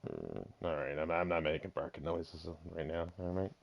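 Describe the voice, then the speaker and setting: A man hosting a casual podcast, relaxed and joking, with plenty of ums. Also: very deep voice, vocal fry. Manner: relaxed, joking, drawn-out fillers. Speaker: podcast host. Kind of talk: casual chat. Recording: dull lo-fi home mic.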